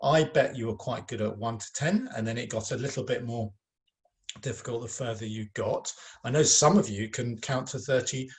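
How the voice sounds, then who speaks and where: A man's voice: medium pitch, moderate pace. A man teaching a French lesson online, speaking to pupils in a patient, encouraging way with a touch of self-mocking humor.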